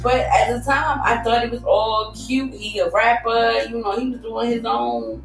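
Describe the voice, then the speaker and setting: A woman's voice: a little high, steady tone, a little slow, few pauses, soft background music. A young woman telling a candid personal story, bluntly and emotionally, swearing and laughing often. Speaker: storytelling host. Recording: echoey room, voice far from mic.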